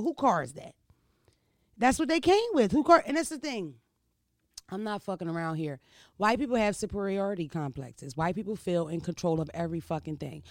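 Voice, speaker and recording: A young woman hosts her podcast in a loose, profane, animated monologue, always checking in with her listeners. Her voice carries a gravelly fry. The sound is dry and close, with no room around it. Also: mid-range voice, no room sound. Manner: profane, animated storytelling with frequent "you know what I mean?". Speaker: podcast host. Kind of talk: casual monologue storytelling.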